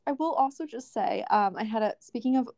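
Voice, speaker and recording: A woman's voice: fairly high pitch, a little fast, vocal fry, darkish tone, no echo. A woman, co-hosting a podcast in casual chat, ranting through stories and quoting people with frequent laughs. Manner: chatty, ranting storyteller, quotes people, laughs often. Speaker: podcast co-host.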